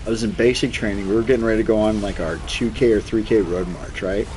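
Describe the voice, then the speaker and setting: A man's voice: lowish voice, fairly even intonation, fast talker, a little mellow, a little hiss or hum. A young man streaming a game, rambling through loose, profane stories in casual chat. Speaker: gaming streamer. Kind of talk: casual storytelling chat while gaming.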